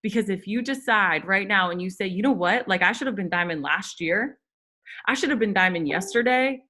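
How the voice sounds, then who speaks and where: A woman's voice: medium pitch, fairly quick, sharp tone, a little hiss or hum. A woman giving a motivational pep talk to her sales team, earnest and coaching, full of rhetorical questions. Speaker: network marketing leader.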